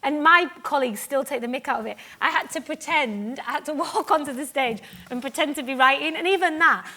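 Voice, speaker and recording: A woman from Cumbria, a guest on a live festival stage, chatting in an animated, self-mocking way, laughing often and acting out what others said to her. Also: high voice, fairly quick. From Cumbria, England. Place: festival stage before an audience. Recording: live stage mic with audience ambience.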